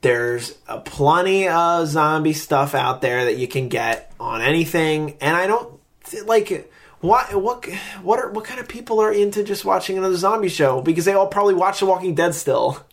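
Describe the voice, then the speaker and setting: A man's voice: on the high side, moderate pace, fairly bright tone. A man hosting a casual podcast chat, joking, teasing and rambling through lists. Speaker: podcast host.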